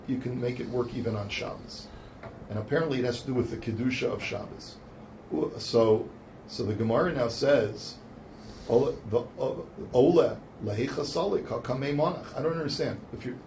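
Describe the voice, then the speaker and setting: Rabbi teaching a Talmud class. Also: male voice, medium pitch, darkish tone, a little hiss or hum. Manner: explains step by step, asks and answers questions aloud; reads Hebrew and Aramaic passages in a rising chant, then translates.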